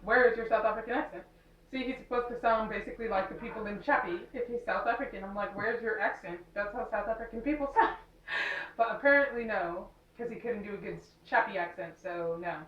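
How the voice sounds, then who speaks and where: A woman's voice: mid-range voice, fast, fairly bright tone, echoey room, far from the mic, lo-fi sound. A young woman casually recapping a movie, rambling with lots of fillers and sarcastic asides. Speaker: movie reviewer.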